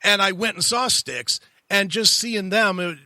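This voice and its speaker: A man's voice: high voice, measured pace, pushed and bright, no room sound. A man hosting a radio show interview, talking in an effusive, admiring way.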